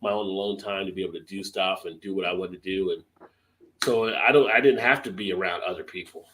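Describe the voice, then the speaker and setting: A man's voice: sits low, fast talker, fairly bright tone, a little hiss or hum. A man hosting a live stream, chatting casually and loosely, swearing and laughing often. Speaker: beer channel host.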